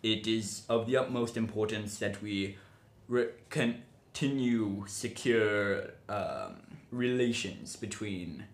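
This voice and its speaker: A man voicing a formal male chancellor who speaks in halting, courtly phrases. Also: fairly low pitch. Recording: roomy echo.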